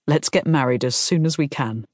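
A woman's voice: low-pitched, moderate pace, darkish tone, dry recording, clean studio sound. A woman voicing a nervous, tender man in his forties who talks earnestly and apologetically. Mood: eager, sheepish.

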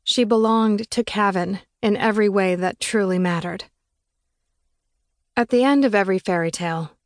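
A woman's voice: medium pitch, no echo. A woman narrating a first-person audiobook in an earnest, reflective manner, recorded close on a studio mic.

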